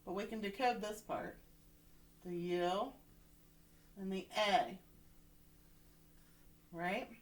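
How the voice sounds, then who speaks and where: A woman's voice: medium pitch, slow pace, long pauses. A woman teacher giving a phonics lesson to young children from home, encouraging and often checking in with "right?".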